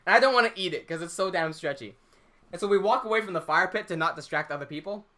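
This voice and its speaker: A young man hosting a livestream, casually telling an animated story, laughing often and swearing freely. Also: sits high, fast. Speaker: livestream host.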